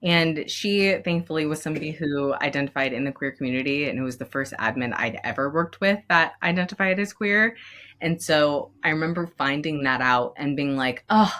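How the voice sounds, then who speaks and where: A woman with a low voice talks as a guest on a podcast. Her conversation is candid and expressive, she laughs easily and grows emotional at times. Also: a little fast. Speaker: elementary school counselor, guest.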